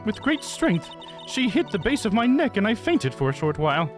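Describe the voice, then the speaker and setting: Casting: a man putting on a high, deferential young woman witness in a courtroom game, speaking formally and politely. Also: very animated, moderate pace, music in the background. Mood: earnest. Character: polite young female spirit-medium witness.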